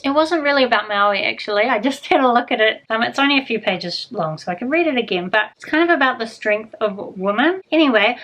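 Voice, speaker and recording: Chatty woman with a higher voice. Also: a bit bright, rough recording. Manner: rambling, chatty, self-correcting. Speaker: book vlogger. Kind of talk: casual reading vlog chat.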